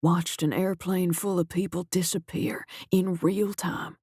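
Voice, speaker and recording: A male narrator voicing a shaken agency director who speaks in a quiet, halting, grave way. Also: a little high, husky, no room sound, clean studio sound. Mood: grim.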